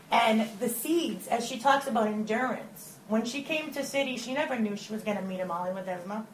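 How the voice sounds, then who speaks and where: A woman giving a lively personal testimony at church, telling her story with acted-out quotes. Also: fairly high pitch, fairly quick, few pauses, crowd noise. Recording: echoey room with faint noise.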